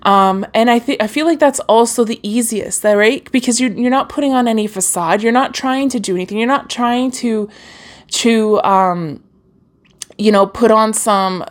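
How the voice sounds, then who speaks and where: A young woman hosting her own podcast, talking casually and encouragingly into a microphone with lots of fillers and restarts. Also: on the high side. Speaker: podcast host. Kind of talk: casual solo podcast monologue.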